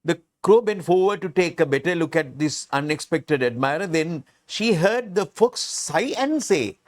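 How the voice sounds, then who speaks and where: A man's voice: on the high side, animated, moderate pace. A man teaching English, reading a story aloud and patiently explaining words, often repeating and restarting.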